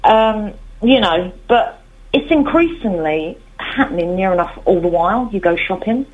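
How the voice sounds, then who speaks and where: A woman's voice: mid-range voice, expressive, moderate pace, dull audio. A woman caller on a radio phone-in, speaking hesitantly with many fillers.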